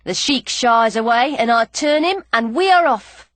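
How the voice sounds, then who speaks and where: Woman reading a novel out loud, playful, bouncy voice, dry close mic. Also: a little high, lively intonation, unhurried, no echo. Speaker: audiobook narrator. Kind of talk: first-person audiobook narration.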